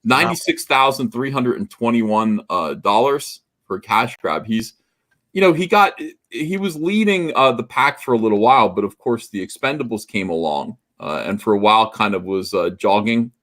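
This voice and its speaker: A man with a somewhat low voice rambles through a casual livestream chat. He hesitates often and keeps a wry, sarcastic edge. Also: expressive, moderate pace, fairly bright tone. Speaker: co-host on a livestream talk show.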